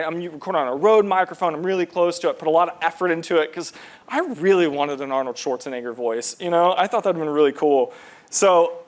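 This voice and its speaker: A man giving a casual live presentation to an audience, talking loosely with lots of fillers and repeats. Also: high-pitched. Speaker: conference presenter.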